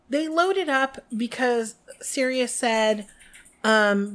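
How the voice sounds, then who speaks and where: A woman co-hosting a podcast, recapping a book in an animated, giggly casual chat. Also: on the high side, slow pace. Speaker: podcast co-host.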